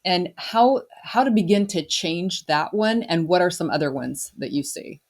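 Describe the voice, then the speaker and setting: A woman's voice: lowish voice, lively intonation, normal speed. A woman hosting a podcast, talking casually and frankly, with fillers and restarts. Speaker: podcast host. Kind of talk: podcast conversation.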